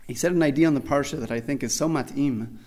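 A man's voice: medium pitch, quick pace, mellow. Earnest man telling a heartfelt story. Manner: earnest, full of restarts and repeated phrases; peppers speech with Hebrew religious terms. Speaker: speaker remembering his rabbi. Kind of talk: personal storytelling tribute.

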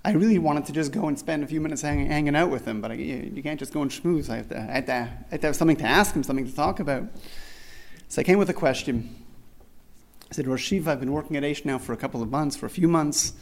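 A man's voice: fairly high pitch, fast talker, creaky. A man earnestly telling a personal tribute story, often restarting and repeating phrases, with many Hebrew religious terms. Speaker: speaker remembering his rabbi.

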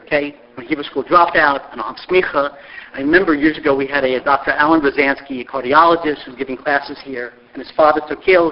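A middle-aged man tells stories with a high, gravelly voice that leaps across a wide range. He acts out the people he quotes as he goes. The recording sounds dull and lo-fi. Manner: lively storyteller who acts out quoted voices. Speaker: speaker sharing memories of a mentor. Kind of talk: animated storytelling talk.

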